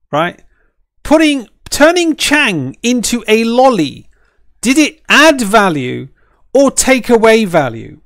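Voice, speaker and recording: A man's voice: high-pitched, no echo, clean studio sound. A man, a game streamer and caster, ranting in casual chat and often tossing in "right?" to check with his viewers. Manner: animated, ranting, keeps asking "right?".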